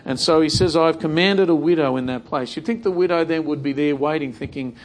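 A man's voice: on the high side, a little fast, a little hiss or hum. A man preaching a sermon in a conversational way, repeating phrases and acting out imagined prayers.

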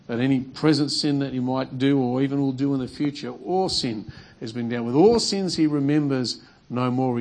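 Pastor, man, mid-pitched voice, earnest sermon delivery with repeated phrases.

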